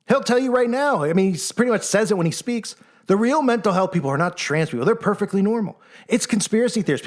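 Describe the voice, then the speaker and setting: Sarcastic male commentator, fairly high voice, animated monologue. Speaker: online commentator.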